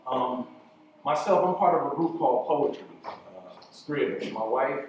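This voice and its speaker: A man opens an event as host, talking in a loose, unhurried way with plenty of fillers. He sounds far from the mic, and the big room rings around his voice. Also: on the high side, lo-fi sound, a little hiss or hum. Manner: relaxed, filler-heavy speech. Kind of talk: casual event introduction. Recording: echoey hall, mic heard from far.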